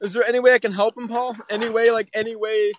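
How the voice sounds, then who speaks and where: High-voiced teasing man hosting a comedy skit. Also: flat delivery, quick pace, a little hiss or hum. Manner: teasing, goofy, repetitive. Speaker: host of a plush-toy channel. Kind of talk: improvised crude comedy skit.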